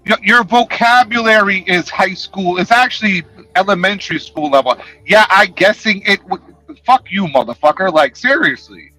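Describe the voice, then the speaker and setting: A man's voice: sits high, moderate pace, pushed and bright, dry recording, soft background music, low-quality recording. A man ranting to his chat on a livestream, profane, confrontational and sarcastic. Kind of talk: casual livestream rant.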